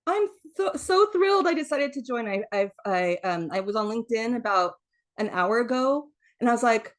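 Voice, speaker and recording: Excited higher-voiced woman consultant. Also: moderate pace. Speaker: leadership consultant and speaker. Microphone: video call.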